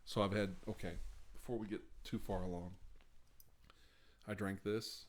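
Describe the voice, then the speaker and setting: A man hosting a live stream in a relaxed, chatty way, reading out chat messages while sipping a beer. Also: fairly low pitch, moderate pace.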